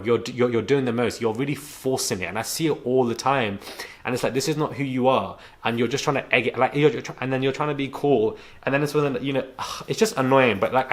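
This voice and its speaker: A young man ranting to camera at home, frank and indignant, rambling with restarts and a self-described stutter. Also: medium pitch. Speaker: YouTube commentator. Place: home on a rainy day.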